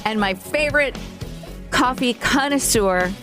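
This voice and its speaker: A woman's voice: on the high side, animated, measured pace, over music. A woman with a New York accent hosting a casual radio chat, bubbly and effusive, laughing easily. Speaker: radio host. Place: radio studio.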